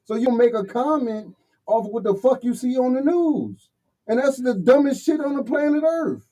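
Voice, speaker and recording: High, bright-voiced man ranting casually. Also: lively intonation, normal speed, rough recording. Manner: heated, blunt, swearing. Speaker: livestream host. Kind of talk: profane casual rant reading comments.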